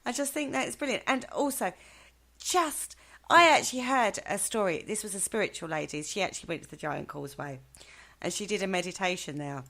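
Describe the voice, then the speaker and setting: A woman's voice: mid-range voice, brisk, gravelly, sharp tone. A woman co-hosting a show in a casual chat. She talks with enthusiasm and laughs easily. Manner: enthusiastic, laughs often, chatty. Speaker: co-host.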